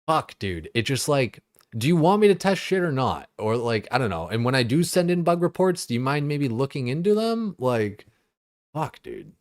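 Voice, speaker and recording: Here a young gaming streamer goes on an exasperated, rambling livestream rant, swearing and dropping filler words constantly. His mid-range voice swings widely in pitch at a moderate pace, recorded in a studio with no room sound.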